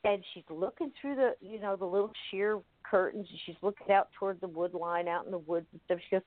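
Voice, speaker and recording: A woman casually recounting a personal story, vivid and animated. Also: on the low side, fast talker, few pauses, dry recording. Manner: vivid, animated retelling with acted-out moments. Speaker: guest telling a personal story. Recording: tinny phone-line sound, dry.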